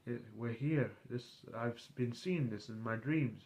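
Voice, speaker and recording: A man's voice: medium pitch, unhurried, a little mellow, natural voice. A man voicing a frantic dying old woman with strange powers, pleading in short broken bursts, close to his usual voice.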